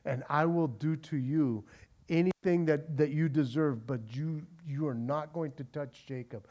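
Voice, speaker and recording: A stern divine voice issues a quiet, low warning, acted by a preacher. It sits well below his usual pitch and stays soft and threatening. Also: measured pace, natural voice.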